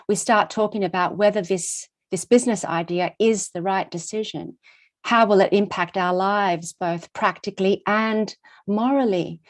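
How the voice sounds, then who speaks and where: Expressive middle-aged woman telling a story. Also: medium pitch. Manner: expressive, rhythmic storytelling with repetition. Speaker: conference speaker. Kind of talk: personal storytelling talk.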